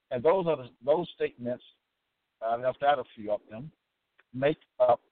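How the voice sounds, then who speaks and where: A man presenting a religious talk, reading scripture verses in a slow, halting way with frequent fillers, then commenting on them. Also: medium pitch, no room sound. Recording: tinny phone-like dry recording.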